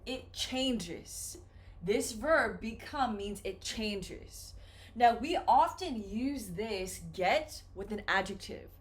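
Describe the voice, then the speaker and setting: A woman teaching English, explaining patiently with simple examples in a slow, careful lesson. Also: on the high side, lively intonation, slight background noise.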